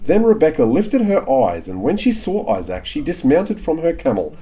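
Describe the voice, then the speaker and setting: A man's voice: a little high, very animated, measured pace, dark tone. A man co-hosting a podcast, reading scripture aloud and breaking off into swearing, joking asides and laughter. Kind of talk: casual comedic chat with reading aloud.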